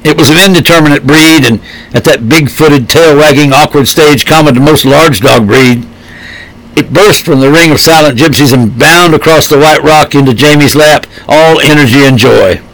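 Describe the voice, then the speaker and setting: Male storybook narrator, steady measured delivery, light higher voice. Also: poor audio. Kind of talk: storybook reading.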